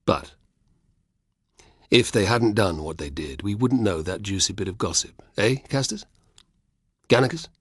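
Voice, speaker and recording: Guy voicing a harsh rebel leader, barky, kinda husky low voice, audiobook. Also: animated, measured pace, long pauses, no echo, clean studio sound. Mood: curt. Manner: barking, threatening commands. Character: fierce male rebel slave leader, commanding.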